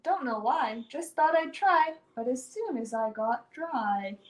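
A young woman storyteller reading a rhyming picture book aloud to children in an animated, sing-song way with dramatic swings. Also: high voice, takes it slowly. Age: young adult.

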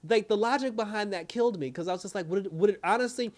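Male reviewer, slightly high voice, loose, slangy, laughing recap. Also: fast. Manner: animated, laughing, slangy storytelling. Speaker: TV episode reviewer. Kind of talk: casual recap and commentary.

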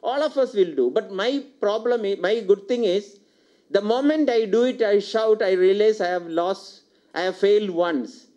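A man's voice: high-pitched, normal speed, darkish tone. An older man with an Indian English accent giving a public lecture, asking the audience rhetorical questions and repeating his key points. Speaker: university lecturer. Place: lecture hall. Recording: dull lo-fi lecture recording.

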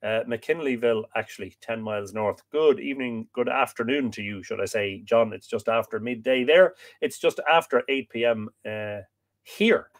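An Irish man hosts a relaxed live stream, reading passages from an old history book aloud. He is sleepy and yawning, trips over difficult names and breaks off to greet viewers with easy jokes. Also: mid-range voice, moderate pace. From Ireland. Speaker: livestream host reading aloud.

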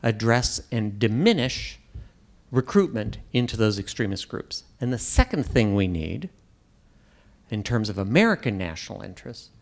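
A man's voice: on the low side, vocal fry. A man, a former ambassador, making his case in a public debate and repeating key points for emphasis.

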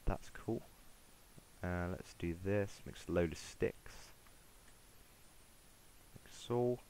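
A man's voice: low-pitched, slow, a little mellow, slight background noise. A man giving casual, rambling gameplay commentary, talking to himself as he plays. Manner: rambling, talks to himself while playing. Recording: game music playing underneath.

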